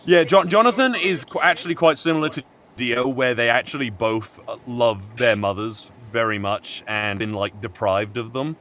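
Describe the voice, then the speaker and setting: A man in a relaxed group chat, rambling and animated as he retells a story. He is loose with fillers and restarts and swears casually. His voice sits at an ordinary middle pitch, with a faint hiss of noise in the background. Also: normal speed. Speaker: stream co-host.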